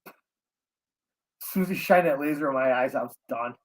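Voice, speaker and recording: A podcast co-host with a middle-pitched voice, talking casually. The delivery is blunt and joking, full of profanity. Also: normal speed. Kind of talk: casual chat.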